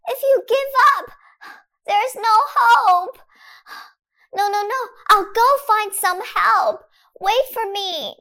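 Lady putting on a tiny baby dino boy, super high and bright, begging and scared, kids' music under it. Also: slow pace, heavily acted. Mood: pleading. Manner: high squeaky child voice, pleading.

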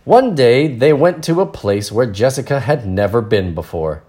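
A man reading a picture book aloud and explaining words in a relaxed, playful way. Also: mid-range voice, moderate pace. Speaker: storyteller and English teacher.

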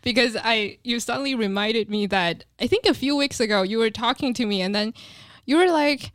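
A woman with a Taiwanese accent and native Mandarin, hosting a casual podcast chat in English, lively and quick to laugh, with many "you know" fillers. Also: fairly high pitch, no room sound, studio quality. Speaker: podcast host.

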